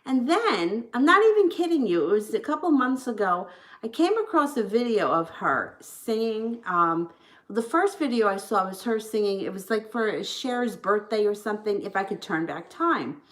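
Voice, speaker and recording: A woman's voice: medium pitch, very animated, moderate pace. A woman in her thirties giving a tarot reading in a casual livestream chat, rambling and frank, swearing freely. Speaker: tarot reader.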